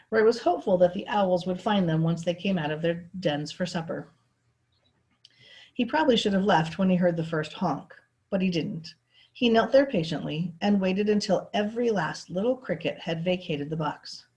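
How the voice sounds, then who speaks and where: A woman teacher reads a novel aloud in a steady, expressive storytelling voice. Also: lowish voice.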